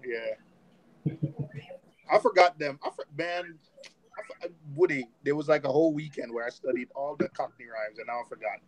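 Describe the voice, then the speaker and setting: A man's voice: medium pitch, normal speed, low-quality recording. A man in a casual group chat on a live stream, joking and teasing the others. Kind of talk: casual banter.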